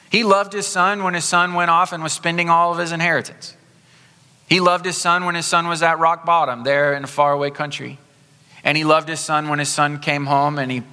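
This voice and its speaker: A male pastor preaches a sermon in a warm, conversational way, slowing down when he wants a point to land. His voice is bright and forceful. The sound carries the long reverb of a large church sanctuary. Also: fairly high pitch. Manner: conversational, slows down for emphasis.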